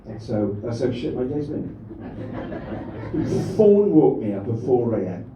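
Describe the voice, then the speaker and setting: On a comedy club stage, a stand-up comedian runs through a crude, rambling routine and banters with the crowd. His mid-range voice is sing-song and a little slow, captured from a distance in an echoey room with background noise.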